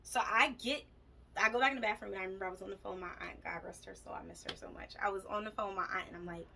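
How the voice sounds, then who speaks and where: A woman's voice: medium pitch, steady tone, racing, creaky. A woman vlogger telling a candid, exasperated storytime, talking to her viewers as y'all. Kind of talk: casual storytime. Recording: voice a bit far from mic, faint background noise.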